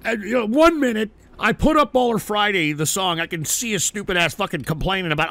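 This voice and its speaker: Brief: brash male call-in host, swinging pitch, lots of cursing, a few drinks in. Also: animated, fairly quick, gravelly, hardly any pauses, a bit bright, dry recording. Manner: rowdy, swearing, mock-rants at trolls. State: drinking shots on air. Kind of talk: profane call-in show banter.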